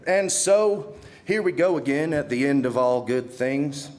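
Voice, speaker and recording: A man's voice: mid-range voice, expressive, a little slow, a little mellow, slight background noise. A young man, a student poet, reading his poems aloud at a live reading, casual between pieces and swelling dramatically as he recites.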